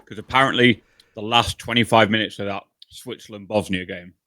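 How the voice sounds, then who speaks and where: A young man, co-hosting a podcast, chatting excitably and repeating himself. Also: lowish voice, brisk, no room sound. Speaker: podcast co-host. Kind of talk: casual chat.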